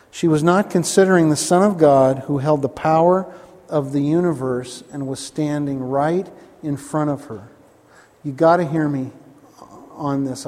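A male pastor preaching a sermon in a conversational way, often checking in with the congregation with quick asides. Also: fairly high pitch, darkish tone, in a large hall.

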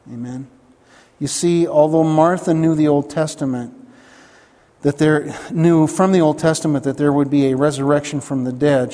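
A male pastor delivers a conversational sermon, often pausing to check in with his listeners. His voice sits a bit high for a man. The sound hangs in a long reverb, as in a large hall. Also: mellow. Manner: conversational preaching with frequent "right?" asides.

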